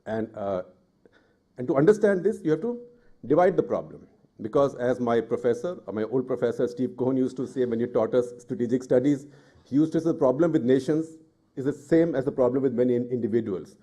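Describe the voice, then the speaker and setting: A man's voice: mid-range voice, lively intonation, fairly quick. A middle-aged man from India, a journalist speaking on a panel, telling a story and then arguing with rising indignation. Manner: forceful and indignant, rising in anger. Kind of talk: impassioned public talk.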